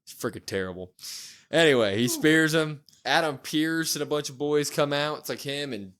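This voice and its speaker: This man's voice sits on the higher side, smooth and at a moderate pace. He co-hosts a laid-back wrestling review podcast, recapping the show with animated energy and performing the wrestlers' lines himself.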